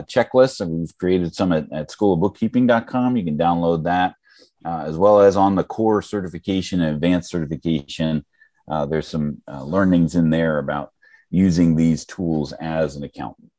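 A man with a very low voice hosts a live training webinar in a relaxed, casual manner. He speaks into a computer mic on a video call, and the sound is dry with no room echo. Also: normal speed. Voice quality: casual, lots of fillers and restarts. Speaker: webinar host.

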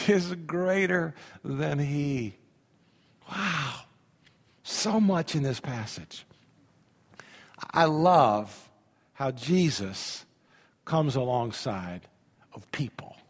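A man's voice: high-pitched, husky. A man in his fifties, a pastor preaching a sermon with emphasis and leading his congregation in call-and-response. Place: church sanctuary. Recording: reverberant church hall.

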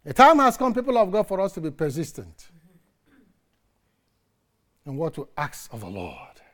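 A man preaching a sermon at a church service, dramatic and emphatic, swinging between shouting and soft talk. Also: a little high, huge pitch swings, normal speed.

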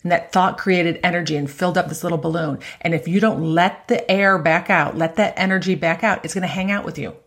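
A woman's voice: on the low side, fairly even intonation, brisk, few pauses. A woman coaching golfers on their emotions in a chatty, conversational way, often tagging her points with "right?" and laughing easily. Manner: acts out inner voices in quotes. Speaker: golf mental coach. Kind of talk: conversational motivational talk.

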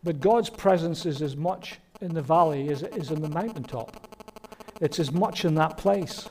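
A man's voice: on the high side, a little mellow. A man preaching a Christmas sermon, earnest and direct, often asking the listeners rhetorical questions. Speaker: pastor.

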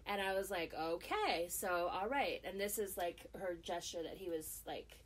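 A middle-aged woman with a lowish voice and moderate pace is a guest on a talk show. She tells a story casually and lively, with frequent fillers and restarts.

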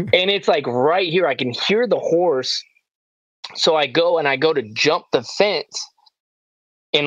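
A male podcast co-host telling a story in a casual chat, excitable and animated, with lots of "like" and "dude". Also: mid-range voice, no echo, muffled recording.

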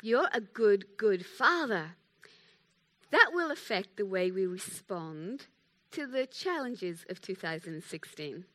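A woman's voice: mid-range voice, fairly bright tone. A woman preaching a sermon in a chatty, self-deprecating way, acting out quotes.

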